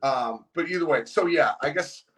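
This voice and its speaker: A man's voice: on the high side, normal speed, a bit bright, low-quality recording. A man in casual chat, ranting bluntly and swearing a lot.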